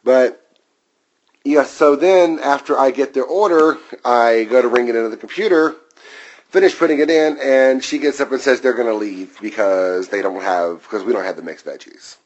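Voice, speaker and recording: A man's voice: medium pitch, normal speed, highs cut off, a little hiss or hum. Man ranting profanely about his job. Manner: wanders off on tangents, then returns. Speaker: restaurant server. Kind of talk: vlog rant.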